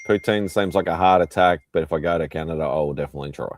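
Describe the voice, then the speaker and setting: An Australian man hosts a casual livestream chat, joking, rambling, and laughing often. He has a low-pitched voice and talks very fast.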